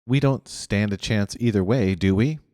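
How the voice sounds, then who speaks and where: A man's voice: lowish voice, moderate pace, a little mellow, dry recording, studio quality, long reverb tail, close to an everyday voice. A man voicing a blunt, impatient young girl in a storybook reading. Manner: blunt, exasperated.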